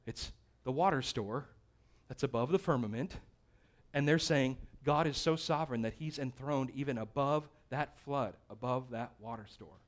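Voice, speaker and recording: A man teaching a Bible study class, energetic and often checking in with his listeners. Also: a little high, normal speed.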